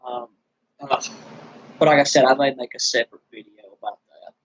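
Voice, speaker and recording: A man's voice: medium pitch, brisk, slightly rough, low-quality recording. A man vlogging and venting his frustrations, weary and bitter, rambling with many restarts, his throat dry from screaming earlier. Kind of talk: venting straight to camera.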